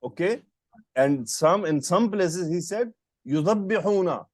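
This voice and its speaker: A man's voice: high-pitched, lively intonation, slow, no room sound, studio quality. Patient male Arabic teacher on a call. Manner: patient, quizzing the student with short questions. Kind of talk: online grammar lesson. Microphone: computer mic on a video call.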